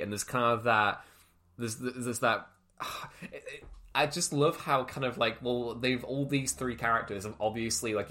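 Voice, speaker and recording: A young man in his twenties chats about a movie on a podcast, his voice sitting a little low. He rambles with lots of "like" and restarts, eager and warm to the subject. The talk is loose and unscripted. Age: 20s. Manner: enthusiastic, rambling with many fillers and restarts. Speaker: podcast co-host. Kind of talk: casual film discussion.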